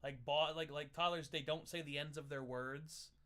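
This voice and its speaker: Bright-voiced, playful young man. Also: a little high, fairly even intonation, moderate pace. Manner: playful, jokey, breaks into laughs. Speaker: livestream host. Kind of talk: casual tasting livestream chat.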